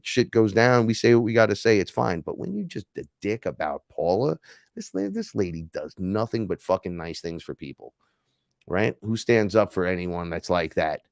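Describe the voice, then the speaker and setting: A man's voice: low voice, dry recording, clean studio sound. A man hosting a casual livestream, talking in a heated, rambling, profane way. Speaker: podcast host.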